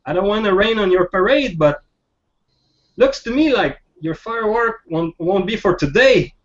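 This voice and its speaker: A man's voice: sits high, animated, normal speed, voice pushed up. A man voicing a cocky, curious teenage boy who talks in a breezy, placating way. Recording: dull lo-fi sound.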